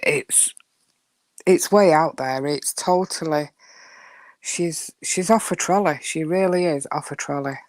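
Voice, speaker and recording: A woman's voice: sits low, measured pace, darkish tone, no echo. A woman hosting a casual live stream, chatting with viewers in a rambling way, often dropping to a near whisper, with a dry throat. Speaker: livestream host.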